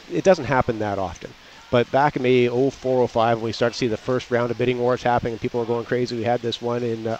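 A man's voice: medium pitch, a little mellow, slight background noise. A man talking as a real estate agent guest on a radio show, chatty and full of anecdotes, speaking outdoors on a covered patio. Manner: chatty, anecdotal, acts out quotes. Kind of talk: casual radio talk. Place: outdoor patio under a roof. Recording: dull lo-fi sound.

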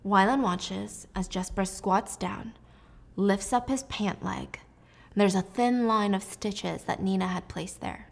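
Animated young woman retelling a story. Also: medium pitch, unhurried, gravelly. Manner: animated, jokey, chatty. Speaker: book recap host. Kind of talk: casual storytelling recap.

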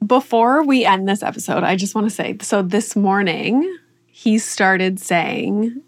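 A woman's voice: medium pitch, a little slow. A woman podcast host asking a guest about her own parenting, chatty and full of fillers. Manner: chatty, lots of "like", asks questions. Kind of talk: casual podcast conversation.

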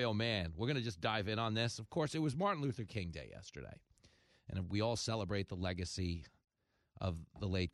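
A man hosting a talk radio show in a fast, jokey monologue, breaking into loud comic bursts. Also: fairly low pitch, dry recording, studio quality.

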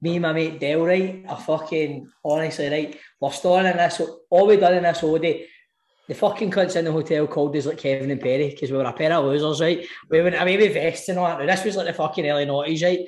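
A man's voice: on the high side, fairly even intonation, quick pace, a little mellow, echoey room. A man with a Scottish accent, in his twenties, telling a rowdy story in casual podcast chat with plenty of swearing. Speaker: podcast co-host.

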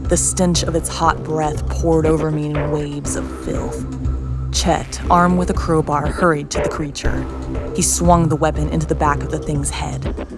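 A woman tells a horror story in a low, gravelly voice, slow and hushed to build suspense. Her tone is deep and rough. Music plays clearly behind her. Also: fairly even intonation. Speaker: narrator. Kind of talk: scripted horror story narration.

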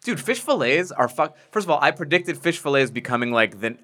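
A man talks in a casual podcast chat with a lively voice that swoops up and down and a bright, forceful edge. He is an animated comedian who laughs often and swears freely. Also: fairly high pitch, a little fast.

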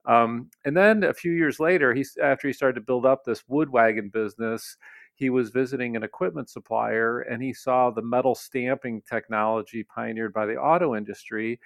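A man being interviewed, telling a family story in a relaxed way, with many fillers and restarts. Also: medium pitch, normal speed, gravelly, no room sound. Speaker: interview guest, company leader. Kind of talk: conversational storytelling.

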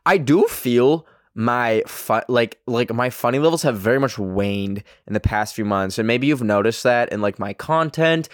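Young Canadian man, podcast host, profane rambling monologue, mid pitch. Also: normal speed, few pauses, no echo, studio quality. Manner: rambling, profane, self-deprecating. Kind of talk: casual solo podcast rant.

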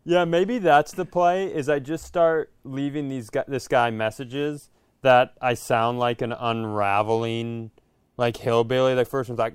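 A man's voice: medium pitch, steady tone, measured pace, smooth, no room sound, studio quality. A man co-hosting a comedy podcast in casual chat, telling stories in an exasperated, self-mocking way.

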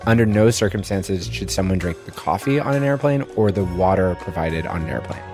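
40s guy hosting an explainer podcast, lowish voice, dry playful narration. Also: lively intonation, fairly quick, a little mellow, faint music behind. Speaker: podcast host.

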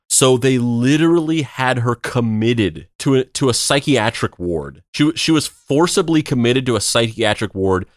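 A man's voice: fairly low pitch, no room sound, studio quality. A man hosting a podcast, telling a story in casual chat, rambling with many restarts and filler words.

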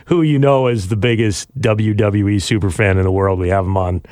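A man's voice: lowish voice, fairly even intonation, brisk, a little mellow, no echo. Man, radio host, upbeat banter, casual chat, dry sound. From Canada.

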